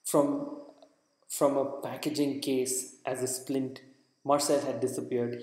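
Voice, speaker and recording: A man reads a first-person book chapter aloud, earnest and a little halting, often going back to correct himself. His voice sits at a middle pitch. It echoes around a room with a long reverb tail. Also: darkish tone. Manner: earnest reading with frequent restarts. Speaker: audiobook reader.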